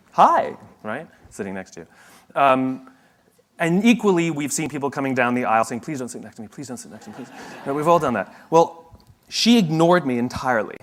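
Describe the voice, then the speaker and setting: A man giving a motivational talk, telling a story in a conversational, wry way with asides and self-corrections. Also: mid-range voice. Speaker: motivational speaker.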